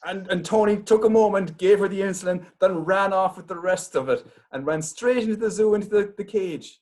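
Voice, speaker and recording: A man improvising a comic story on a video call from home, halting now and then with stammered restarts. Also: high-pitched, darkish tone, a little hiss or hum. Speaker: improv comedian.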